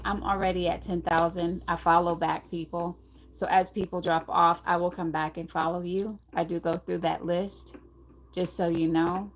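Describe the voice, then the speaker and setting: A woman's voice: lowish voice, slight background noise, low-quality recording. A middle-aged American woman with a slight lisp, hosting a casual livestream and answering viewers in the chat. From United States. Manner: chatty, reads and answers the chat aloud. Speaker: livestream host.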